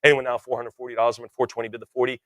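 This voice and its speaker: A man's voice: medium pitch, level tone, fairly bright tone, dry recording. Man calling bids at a live auction. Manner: rapid bid chanting with joking asides.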